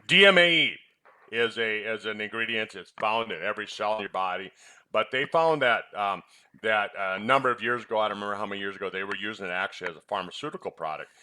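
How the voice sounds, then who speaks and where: A man with a lowish, bright, forceful voice talks casually about supplements. He rambles and restarts, and he keeps quizzing and teasing his co-host. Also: fast talker. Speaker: health products presenter, former clinician.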